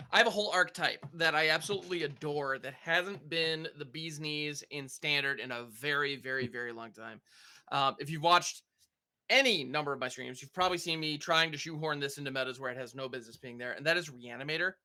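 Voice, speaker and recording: A man with a very bright, ringing tone and a slightly high voice, co-hosting a relaxed podcast chat. He tells stories eagerly and with lots of energy. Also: fairly quick. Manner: enthusiastic, animated storytelling. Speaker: podcast co-host.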